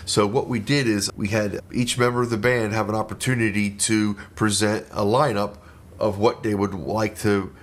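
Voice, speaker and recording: A middle-aged man with a lowish voice gives a casual studio walkthrough. He talks in a relaxed, rambling way, filling pauses with "uh" and restarting his sentences as he goes. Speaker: musician and studio engineer.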